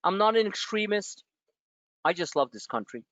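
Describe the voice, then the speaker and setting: A man's voice: high-pitched, very animated, moderate pace, a bit bright, no echo. Blunt, profane man on a dull, dry line. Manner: blunt, profane, talks straight at listeners. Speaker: trading coach hosting a member Q&A. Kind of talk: live online session, rambling rant.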